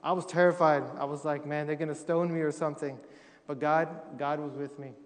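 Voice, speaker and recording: A young man with a fairly high voice tells funny stories of his mission work to a church crowd. He acts out the voices in his stories. His voice rings with the long echo of a big church hall. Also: little pitch movement, a little fast. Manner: humorous storytelling, acting out quotes. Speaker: missionary speaker. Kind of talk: testimony talk to a congregation. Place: church sanctuary.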